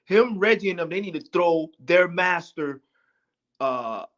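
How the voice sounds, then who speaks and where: A man's voice: sits high, animated, a little slow, a bit bright. A man, rambling in casual podcast chat and often groping for names. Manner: rambling, searching for words. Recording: dull lo-fi audio.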